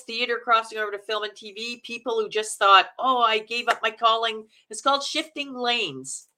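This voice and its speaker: A woman's voice: medium pitch, bright, forceful tone. A middle-aged woman with a Canadian accent, an actor and acting coach, chatting as a guest in a rambling way with frequent laughter. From Manitoba, Canada. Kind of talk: casual interview chat.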